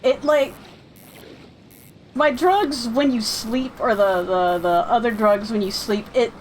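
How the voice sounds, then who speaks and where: Name: Chatty streamer woman. Pitch: somewhat high. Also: takes it slowly, a little hiss or hum, rough recording. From United States (California and Florida). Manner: rambling, chatty, self-deprecating. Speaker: let's play streamer. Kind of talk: casual gameplay commentary.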